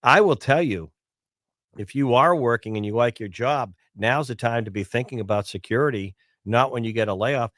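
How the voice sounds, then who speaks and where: Brief: male talk radio host, mid-pitched, rambling commentary, dry close mic. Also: moderate pace, fairly bright tone, no echo. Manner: conversational, rambling with fillers and repeats.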